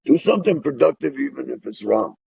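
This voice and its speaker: A man's voice: medium pitch, sing-song, a little fast, gravelly, a little mellow, husky, pitched above the performer's own voice, exaggerated voice. An old man putting on a hyped restless alter ego. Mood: pushy. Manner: hyped, urging. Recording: dull lo-fi recording.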